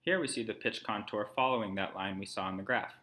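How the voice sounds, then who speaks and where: A man narrating a screen-recorded tutorial, explaining calmly and step by step. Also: lowish voice, brisk. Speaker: language instructor.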